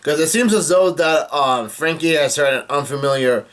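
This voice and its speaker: A man giving a casual spoken recap of a comic chapter, rambling and halting with frequent fillers and restarts. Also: fairly high pitch, fairly bright tone. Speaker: manga chapter reviewer.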